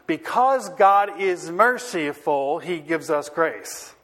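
A male pastor preaching a sermon, stressing key words slowly and often checking whether the audience is listening. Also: a little high, animated, a bit bright. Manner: asks the audience if they are listening.

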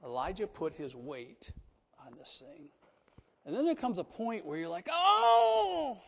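A man preaching a sermon in a church, animated, swinging from loud emphatic lines to soft, coaxing asides. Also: a little high, normal speed, breathy edge. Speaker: pastor. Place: church sanctuary. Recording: long reverb of a church hall.

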